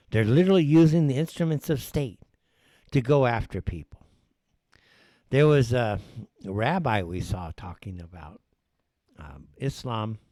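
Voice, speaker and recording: A man's voice: mid-range voice, darkish tone, no room sound. A man hosting a live show, ranting in heated, sarcastic commentary. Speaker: show host. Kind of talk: livestream commentary.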